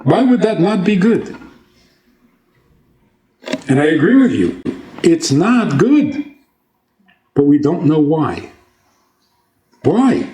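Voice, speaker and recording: Male rabbi, fairly high voice, informal lecture style, quizzes the room and jokes. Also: sing-song, slow, long pauses, warm tone, slight background noise. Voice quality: conversational, asks the audience questions and jokes. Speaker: rabbi giving a talk.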